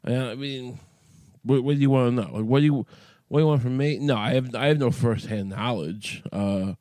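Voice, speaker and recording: A man's voice: mid-range voice, fairly quick, warm tone, no echo. A man hosting a solo podcast, talking in a crude, profane, rambling comic way, his voice a little cracky from the morning, recording in a small closet. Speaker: podcast host.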